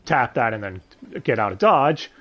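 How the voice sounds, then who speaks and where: A man's voice: mid-range voice, expressive, moderate pace, fairly bright tone. A man reviewing a dub in casual commentary, sarcastic and swearing, with sighs and questions to his listeners. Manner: sarcastic, swears often, sighs and asks the audience.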